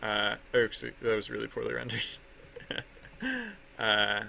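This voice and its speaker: A man talks loosely on a livestream while working on a drawing. His voice is bright and edged with gravelly fry. He rambles, trips over his words and keeps laughing at himself, with a faint hiss of noise behind him. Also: fairly low pitch, flat delivery, unhurried. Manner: rambling, many fillers and restarts, laughs at himself. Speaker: artist streaming his drawing.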